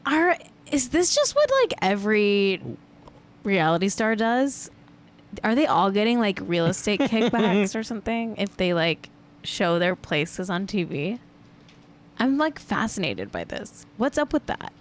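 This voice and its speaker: A woman's voice: medium pitch, big pitch swings, measured pace. A woman hosting a casual celebrity gossip show, chatty and amused, peppering her talk with "like". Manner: chatty and amused, heavy use of "like". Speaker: podcast host.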